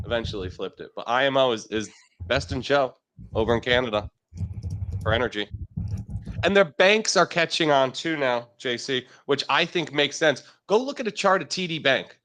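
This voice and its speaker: A man co-hosting a casual market chat, explaining stock charts in a relaxed way. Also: medium pitch, fairly quick. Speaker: market show co-host.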